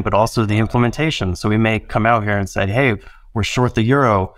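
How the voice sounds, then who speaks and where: A man's voice: fairly low pitch, fairly bright tone, dry recording. A man co-hosting a casual podcast, explaining points earnestly with fillers. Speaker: podcast co-host.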